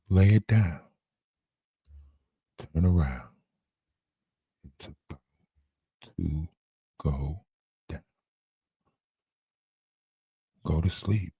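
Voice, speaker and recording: A man putting on a slow, hushed, seductive deep voice, crooning soothing bedtime lines. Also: breathy edge, no room sound, clean studio sound, exaggerated voice. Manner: slow, low, hushed and drawn out.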